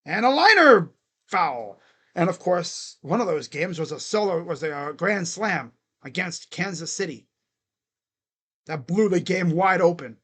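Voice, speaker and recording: A man's voice: sits high, expressive, a little slow, a bit bright, husky. A young man doing casual live play-by-play of a baseball game, chatty and given to chanting and laughing. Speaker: live reaction play-by-play host.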